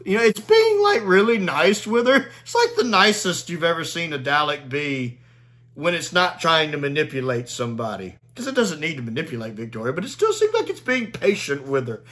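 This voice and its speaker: A man's voice: fairly high pitch, very animated, a little fast, fairly bright tone. A man giving a casual spoken video review, gleeful and chatty, laughing often and filling his talk with "like".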